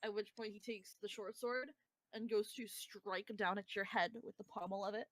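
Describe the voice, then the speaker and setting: A woman's voice: mid-range voice, fairly even intonation, moderate pace, a bit bright, dry recording, low-quality recording. Dry-sounding woman running a tabletop game. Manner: laughing, swearing banter between descriptions. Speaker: game master.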